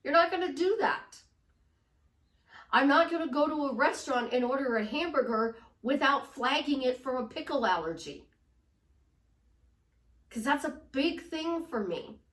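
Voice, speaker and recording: A woman's voice: sits high, expressive, moderate pace, pauses often, fairly bright tone, reverberant, far from the mic. Upbeat woman coaching from across a room. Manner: upbeat, emphatic, repetitive. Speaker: life coach. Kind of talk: motivational vlog monologue.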